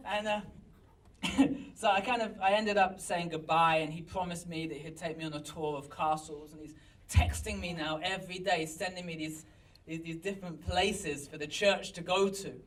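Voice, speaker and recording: A pastor telling a story in a sermon, animated and self-mocking, recorded in a church. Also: male voice, on the high side, normal speed, distant mic, poor audio. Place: church hall.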